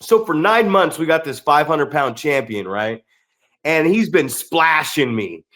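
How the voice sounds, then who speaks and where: A man hosting a casual podcast chat, telling wrestling coaching stories in an animated, profane way. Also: a little high, a little slow.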